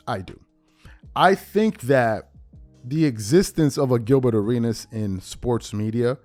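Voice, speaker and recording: A man's voice: medium pitch, dry recording. A man hosting a podcast, giving blunt, mocking sports commentary. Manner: animated, blunt and mocking, with mock-quoted asides. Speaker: podcast host. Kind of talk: opinionated commentary.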